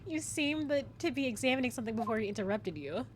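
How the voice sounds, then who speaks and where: A woman reading the lines of an earnest young male lawyer, asking plain questions in a fairly high voice. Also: lively intonation, fast talker, background noise, natural voice. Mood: curious.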